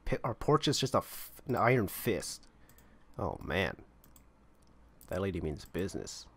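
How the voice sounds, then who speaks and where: A man's voice: low voice, very animated, measured pace, husky. A man giving casual gameplay commentary, thinking aloud and rambling as he explores an online game. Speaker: gamer playing online roleplaying servers.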